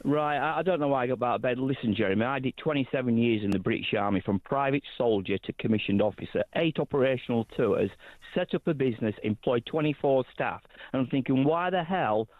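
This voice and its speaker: A man's voice: medium pitch, a little fast, no echo. Blunt Yorkshire man over a tinny phone. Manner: blunt, indignant. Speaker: caller. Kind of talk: phone-in rant. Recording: dry tinny phone line.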